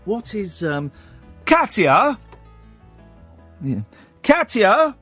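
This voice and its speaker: A man hosts a late-night radio phone-in in a high, animated voice that swoops up and down. He jokes and rambles playfully with a caller. The studio sound is dry, with faint music underneath. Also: very slow, breathy edge, dry recording. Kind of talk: late-night call-in chat. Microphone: studio microphone.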